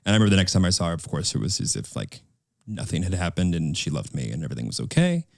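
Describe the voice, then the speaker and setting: A man co-hosting a podcast, telling a personal story in casual chat with an earnest, halting manner. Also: low voice, huge pitch swings, vocal fry, dry recording, clean studio sound. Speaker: podcast co-host.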